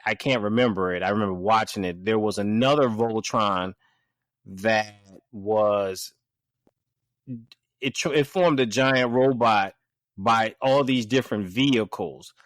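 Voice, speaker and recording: Male podcast host, slow unhurried delivery, rambling and hesitant, dry close mic. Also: on the low side, a bit bright, no room sound. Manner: rambling, hesitant, restarts and trails off. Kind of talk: casual podcast chat.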